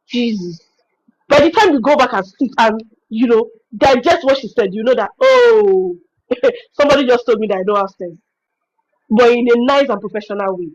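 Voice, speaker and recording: A high-pitched Nigerian woman leads an informal webinar, telling stories in an expressive, animated way. Her voice comes through a dull, lo-fi stream recording. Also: breathy edge. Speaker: virtual assistant trainer hosting a webinar. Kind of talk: informal teaching talk.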